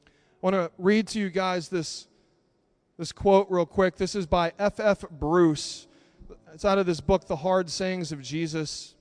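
High-voiced passionate male preacher. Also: fairly even intonation, measured pace, dry recording, soft background music. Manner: passionate, builds to loud emphatic peaks then drops quiet. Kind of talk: sermon.

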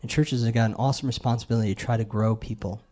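Middle-aged male preacher, warm mellow voice, chatty sermon delivery, throws questions at the congregation. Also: medium pitch, fairly even intonation, racing. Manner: conversational, asks the crowd questions.

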